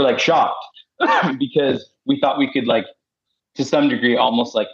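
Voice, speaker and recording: A man in his thirties from Utah, a hunter and podcast guest, chatting casually with lots of "like" and acted-out quotes. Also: lowish voice. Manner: rambling and animated, heavy filler "like", acts out quoted voices. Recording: slightly dull lo-fi podcast audio.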